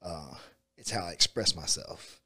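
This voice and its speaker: Low-voiced man, easygoing martial arts coach, loose chatty delivery. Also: unhurried, slightly rough. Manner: relaxed, rambling, says "dude" and "like" a lot. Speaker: jiu-jitsu and MMA coach. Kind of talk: casual conversation.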